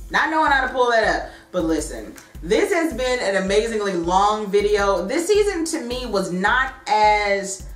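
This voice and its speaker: Chatty woman vlogger in an echoey room. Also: mid-range voice. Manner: chatty, animated retelling with "um" and "like". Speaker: TV recap vlogger. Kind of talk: casual TV recap.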